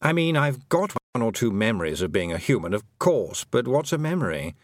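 A man's voice: mid-range voice, sing-song, brisk, dry recording, natural voice. Man as a fretful enchanted toad, rambling, dry close recording, storybook. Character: anxious male enchanted toad, once human.

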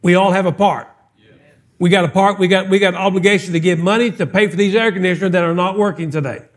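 Brief: male pastor, high-pitched, playful live sermon in a church, punchy questions. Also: quick pace. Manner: animated, joking, fires off rhetorical questions. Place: church sanctuary, live service.

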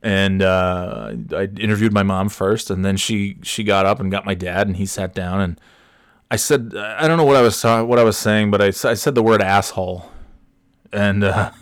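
A man in his forties with a low voice tells stories at a loose, rambling pace, doubling back on his words and breaking into laughter. He sounds close and dry, with no echo at all. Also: moderate pace, clean tone. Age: 40s. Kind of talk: casual storytelling monologue.

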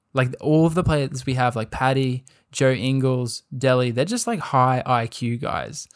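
A young Australian man talking casually about basketball on a podcast, rambling along with plenty of "like" and "um". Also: medium pitch. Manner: rambling, filler-heavy with frequent "like" and "um". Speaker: podcast host. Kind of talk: casual sports chat.

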